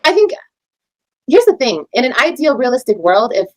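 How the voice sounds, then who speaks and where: On a livestream, a mother rants about her critics and lectures her viewers in heated, profane, preachy casual talk. Her pitch swings widely, her speed is normal, and her volume moves between loud and low. The recording is rough.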